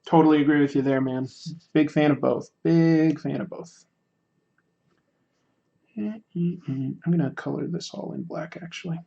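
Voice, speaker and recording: A man's voice: on the high side, unhurried, gravelly, long pauses. Joking man streaming on dull audio. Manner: joking, self-mocking, rambling with restarts. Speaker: streamer drawing while chatting. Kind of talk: casual livestream chat.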